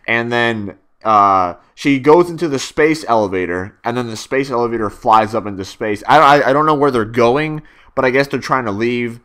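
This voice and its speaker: A man's voice: mid-range voice, moderate pace, fairly bright tone. A young man giving a casual spoken video review, rambling with many fillers and restarts and swearing freely.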